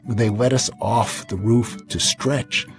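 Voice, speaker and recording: A man's voice: lowish voice, a little slow, soft background music. A man in his seventies telling a travel story from his past, with wry, dry asides. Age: 70s. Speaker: podcast host.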